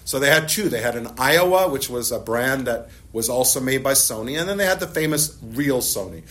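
A middle-aged man leads a Bible class with a lively, swooping delivery. His pitch sits in a middle register. He mixes close reading of the text with chatty personal anecdotes and keeps putting questions to his listeners. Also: fairly quick. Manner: animated, storytelling, asks the class questions. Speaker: Bible teacher.

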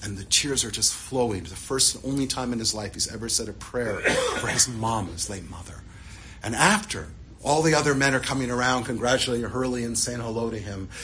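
A man, a rabbi, telling a story as part of a sermon, animated at times and dropping to hushed tones at others. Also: medium pitch, a little fast, noisy background.

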